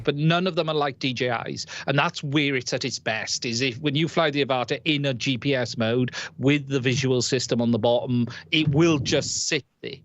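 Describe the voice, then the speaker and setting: A man's voice: mid-range voice, fairly bright tone, lo-fi sound. A man on a live stream panel, talking keenly about drones and often restarting his sentences. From United Kingdom. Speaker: guest drone pilot.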